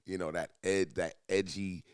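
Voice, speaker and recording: A man's voice: low-pitched, steady tone, normal speed, clean tone, no echo, studio quality. A man hosting a reaction video, talking casually about the comedy he is watching. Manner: laughing, incredulous reactions.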